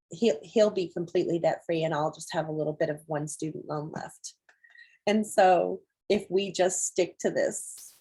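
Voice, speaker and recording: A middle-aged woman with a twang speaks over a video call. Her voice is husky and a little breathy, and she tells her story in a chatty, excitable way, acting out her own reactions as she goes. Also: medium pitch, poor audio. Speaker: team member giving a testimony. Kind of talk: casual testimony on a video call.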